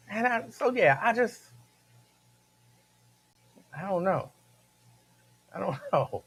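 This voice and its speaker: A male radio host with a slightly high voice delivers a loose, casual monologue. He hammers his points by repeating lines and breaks into laughs as he goes. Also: animated, slow pace, long pauses, a bit bright, slightly rough. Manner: repeats phrases, emphatic, laughs between points.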